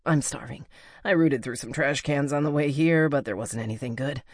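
A woman's voice: very deep voice, moderate pace, darkish tone, no echo. A woman voicing a cheerful young male coyote spirit in human form, who talks in an easygoing, amiable way.

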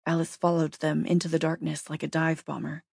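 A woman narrates a story at a steady, measured pace. Her voice sits on the low side, and the recording is dry and close with no room sound. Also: vocal fry, husky, no room sound. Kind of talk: audiobook narration.

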